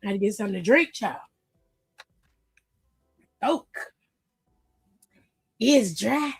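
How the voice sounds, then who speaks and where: A young woman streaming a casual wrestling recap, blunt, profane and animated, chatting with her viewers. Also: mid-range voice, slow, husky, faint music behind. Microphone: streaming mic.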